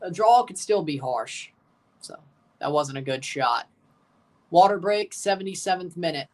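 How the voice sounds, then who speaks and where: A woman's voice: fairly low pitch, lively intonation, unhurried, darkish tone, far from the mic. A woman hosting a live match watchalong, chatting casually and calling the plays in short bursts.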